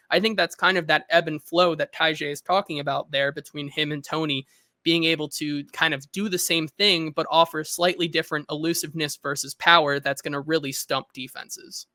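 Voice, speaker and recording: A man co-hosting a sports podcast, explaining plays in a steady, casual analysis. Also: a little high, no room sound, clean studio sound. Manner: steady, explanatory, frequent "you know" fillers. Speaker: podcast producer and co-host.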